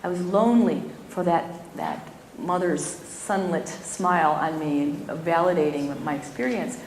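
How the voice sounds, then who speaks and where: Middle-aged woman giving a spiritual talk, gentle and expressive, echoey hall with a bit of hiss. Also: on the low side, unhurried. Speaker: spiritual teacher. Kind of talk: spiritual talk to a live audience. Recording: echoey hall, faint room noise.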